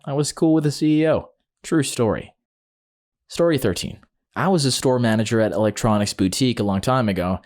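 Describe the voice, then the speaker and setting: A man reads out a run of short anecdotes as scripted narration. His pitch sits in an ordinary middle range, and the delivery stays steady and plain from story to story. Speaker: narrator reading stories.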